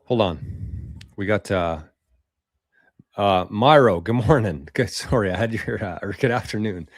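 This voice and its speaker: A man hosting a casual livestream, reading viewer comments aloud in a loose, swearing, chatty way with quick laughs. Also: fairly low pitch, no echo, studio quality. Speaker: livestream host.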